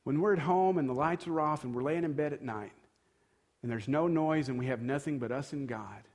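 A man's voice: on the high side, brisk, a little mellow. A male pastor giving a sermon in a conversational tone, acting out quoted dialogue and building to moments of emphasis.

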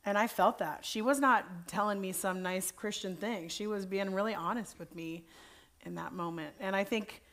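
A woman's voice: medium pitch, moderate pace, a bit bright. Candid, chatty woman pastor. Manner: candid, informal, uses "like" and "you know" often. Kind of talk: conversational faith talk.

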